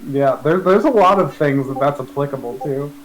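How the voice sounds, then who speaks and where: A man's voice: mid-range voice, moderate pace, low-quality recording. A man playing a tabletop game, thinking aloud in a hesitant, casual way. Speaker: player.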